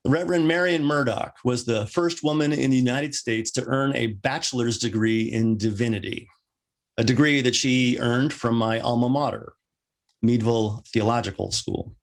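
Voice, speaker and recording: A male minister delivering a sermon, with wry joking asides and lively rising emphasis. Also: mid-range voice, vocal fry.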